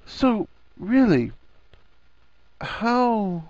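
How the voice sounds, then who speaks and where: A man's voice: on the high side, big pitch swings, a little fast, a little mellow, husky, no room sound, highs cut off, voice pushed up, full character voice. A man doing a flustered, eager young wizard. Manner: stammering, eager.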